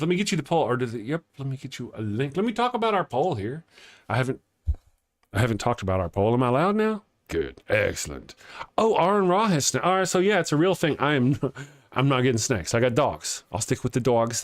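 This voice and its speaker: A man's voice: on the high side, big pitch swings, moderate pace. A man hosting a live morning show, chatting casually and reading out viewer comments in a rambling, jokey way that often breaks into laughter.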